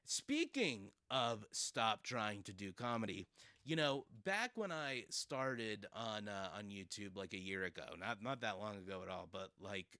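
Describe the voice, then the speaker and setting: A man's voice: on the low side, sing-song, measured pace, sharp tone, dry recording. A man hosting casual commentary, sarcastic and rambling with fillers and laughs. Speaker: streamer host.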